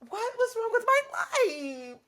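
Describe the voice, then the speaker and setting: A woman's voice: very high-pitched, slow pace, crowd noise. A woman co-hosting a podcast, chatting casually about faith and acting out her own prayers as she tells a story. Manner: animated storytelling, acts out prayers to God. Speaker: podcast co-host. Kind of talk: casual faith-based chat.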